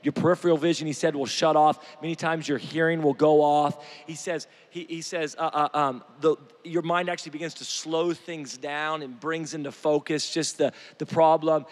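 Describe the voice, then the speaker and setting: Male preacher, fairly high voice, animated and joking, heavy hall reverb. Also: normal speed, hardly any pauses. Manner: animated, joking, shifts from shouting to quiet. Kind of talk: energetic sermon.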